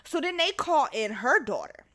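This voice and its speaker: A woman podcast host telling a story in casual chat, animated and laughing, acting out the people in it. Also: high voice, normal speed.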